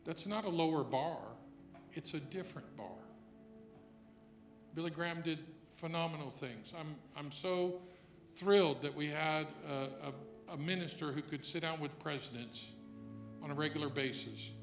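A man preaching a sermon as pastor, moving between quiet reflection and loud emphatic passages. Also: on the high side, moderate pace, roomy sound, music in the background.

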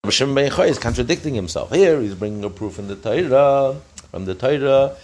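Lively male Talmud teacher. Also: medium pitch, fast talker. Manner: explains and translates each phrase, self-correcting. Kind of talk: daily page study lesson.

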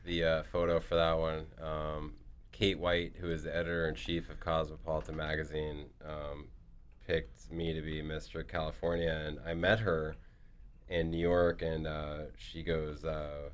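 A middle-aged man telling stories in casual chat, animated, acting out quotes and dropping to a hushed voice for tense moments. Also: extremely low pitch, a little slow, smooth. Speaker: guest.

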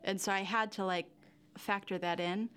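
A woman's voice: medium pitch, steady tone, normal speed, fairly bright tone. Young woman candidly rambling with nervous laughs. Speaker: interview guest. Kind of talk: candid personal interview.

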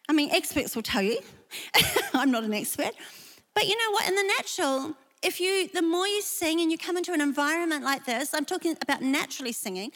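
A woman's voice: sits high, a bit bright. A woman pastor preaching a sermon in a chatty, self-deprecating way, laughing often, in a large church auditorium. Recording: long hall reverb.

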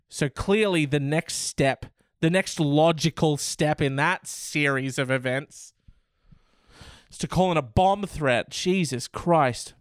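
A man's voice: on the high side, measured pace, clean tone, no echo, clean studio sound. A man reading odd news stories aloud and mocking them with sarcastic, rambling asides and swearing. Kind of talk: comedic news commentary.

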